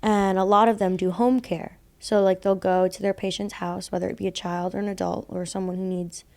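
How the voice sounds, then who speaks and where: Young woman podcast cohost, gravelly fry, rambly storytelling with lots of "like". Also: mid-range voice, flat delivery, brisk, a little mellow. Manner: rambling storytelling, many fillers, laughs at herself. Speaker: podcast co-host telling ghost stories. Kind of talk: casual podcast chat.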